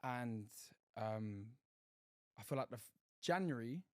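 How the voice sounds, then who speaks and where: A young man with a mid-range voice takes his time, captured in a dry, studio-quality recording. As a podcast co-host in a casual chat, he tells stories animatedly, full of slang and swearing.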